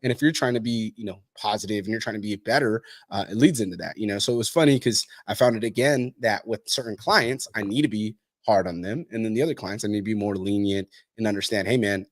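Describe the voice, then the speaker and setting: Fast-talking blunt man, dry sound. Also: lowish voice, no echo. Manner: blunt, swears freely, fast and energetic. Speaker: interview host, coach. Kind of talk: casual interview chat.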